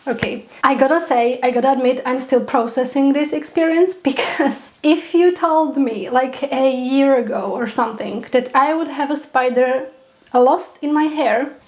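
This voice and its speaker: A young woman telling a pet spider story in a chatty, animated vlog, with frequent laughs and fillers. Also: high-pitched, normal speed. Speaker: pet spider keeper vlogger.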